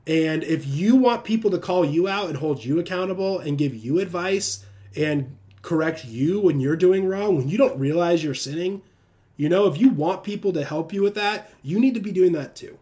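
A man's voice: a little high, warm tone. A young man hosting a livestream, preaching in a casual, emphatic rant and often breaking into self-mocking laughter. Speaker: livestream host.

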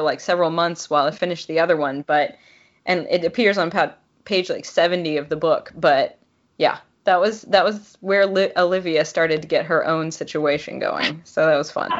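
A woman author reading her novel aloud and then chatting about it, animated and laughing, with many fillers. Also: fairly low pitch, a little fast, dull audio.

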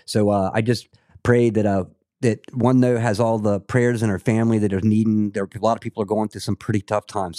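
A man's voice: fairly low pitch, level tone, dark tone. A Scottish man hosting a casual Christian podcast, praying earnestly and chatting with guests. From Scotland. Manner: earnest, prays slowly, laughs often. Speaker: host.

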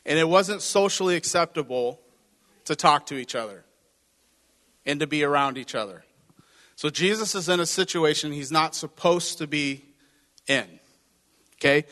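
A man's voice: fairly high pitch, normal speed, long pauses, pushed and bright. A man preaching a conversational sermon, reading scripture and explaining it with playful acted asides. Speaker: pastor. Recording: hall reverb.

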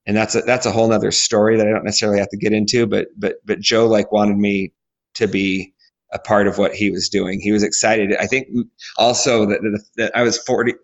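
A man in his forties from Alaska, a guest athlete telling his story in a podcast interview, animated, acting out quotes and restarting often. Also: fairly low pitch, fairly quick, dull audio. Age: 40s.

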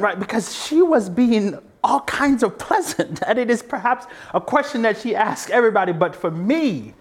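A man giving a reflective public talk, earnest and animated, often laughing and checking in with his listeners, sometimes dropping to a hushed near-whisper for emphasis. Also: high-pitched, fairly quick. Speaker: speaker.

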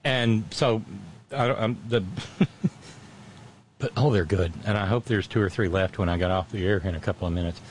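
A man hosting a radio show, chatting casually and telling stories in a halting way, full of restarts and wry asides. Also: fairly low pitch, slight background noise. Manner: chatty storyteller, wry and self-deprecating. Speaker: radio host. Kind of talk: casual on-air chat.

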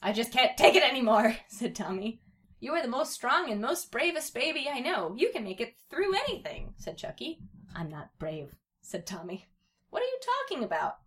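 Lively woman reading aloud, laughing. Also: normal speed. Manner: reads baby characters in put-on high voices, laughs often. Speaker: podcast host reading fan fiction aloud. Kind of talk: comedic dramatic reading.

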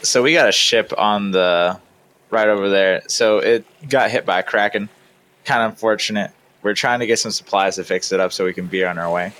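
A man's voice: on the low side, brisk, fairly bright tone. A man playing a tabletop game, chatting casually and a bit hesitantly. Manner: hesitant, questioning. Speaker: player.

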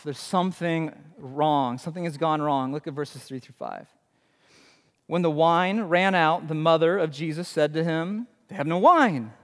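A male pastor delivers a lively, conversational sermon, tossing questions out to his listeners. His voice sits a touch high for a man. The sound rings with long reverb from a large church hall. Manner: animated, conversational preaching with rhetorical questions.

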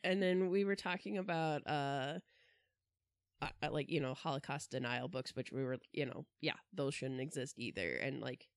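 A woman's voice: very deep voice, moderate pace, dry recording. A woman in her thirties, a librarian co-hosting a podcast, telling stories in casual chat with fillers. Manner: storytelling, hesitant with fillers.

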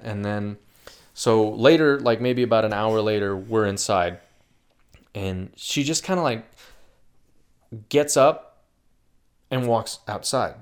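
A man's voice: on the low side, takes it slowly, long pauses, clear, resonant tone. A man in casual chat, telling a long story with lots of swearing and filler words. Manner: profane, rambling storytelling.

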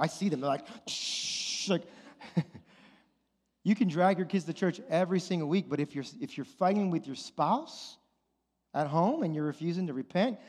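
A man's voice: fairly high pitch, husky. A man in his thirties preaching a sermon to parents, casual and conversational, often repeating his phrases. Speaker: pastor. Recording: long hall reverb with loud music underneath.

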